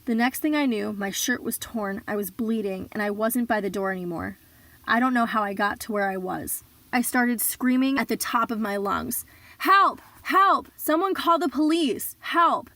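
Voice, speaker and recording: A woman's voice: mid-range voice, no room sound. Woman reading an abuse memoir aloud. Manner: earnest, measured storytelling with emotional emphasis. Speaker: reader of survivor stories.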